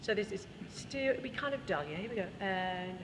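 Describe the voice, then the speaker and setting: High-voiced Australian woman coaching a choir. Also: animated, fast talker. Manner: demonstrates by singing, explains voice technique. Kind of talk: singing workshop teaching. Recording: reverberant hall, faint room noise.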